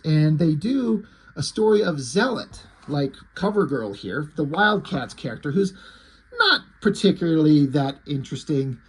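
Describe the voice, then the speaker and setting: Enthusiastic, profane comic reviewer, male, husky and somewhat high. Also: darkish tone, rough recording. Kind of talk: casual review vlog.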